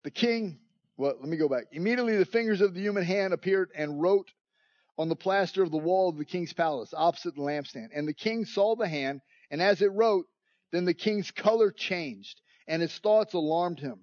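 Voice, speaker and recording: A man's voice: high voice, normal speed, darkish tone, dry recording, dull audio. A man preaching a sermon, telling the story dramatically and acting out the scenes. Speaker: pastor.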